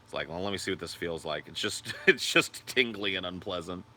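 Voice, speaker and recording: A man's voice: a little fast, pushed and bright. A man hosting a casual livestream, rambling and cursing while he answers viewer comments. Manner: high sing-song baby talk to his dog. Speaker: livestream host.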